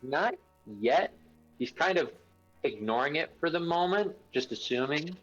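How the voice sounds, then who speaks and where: A man chatting as a player in a tabletop role-play game, his voice lively and a touch high. He talks hesitantly and plainly, with fillers. The sound is slightly dull and lo-fi, with faint music underneath. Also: a little slow.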